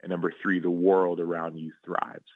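A man, a former football player turned author, telling personal stories in a radio interview in an earnest, animated way that keeps checking in with "right?". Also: low voice, moderate pace, dry recording, narrow, tinny audio. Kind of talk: interview storytelling. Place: radio studio.

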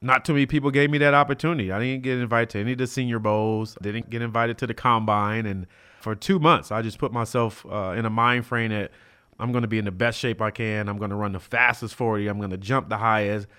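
A man's voice: on the low side, quick pace, smooth. A middle-aged man from South Central Los Angeles, a former college football player, telling stories in a casual interview. He acts out the dialogue and fills his speech with "you know.". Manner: animated, acts out quoted dialogue, many fillers like "you know".

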